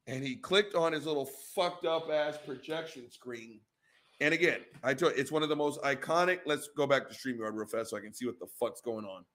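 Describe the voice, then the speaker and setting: A man's voice: medium pitch, a bit bright. A man hosting a reaction stream, ranting heatedly and swearing constantly as he comments on a debate clip. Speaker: show host.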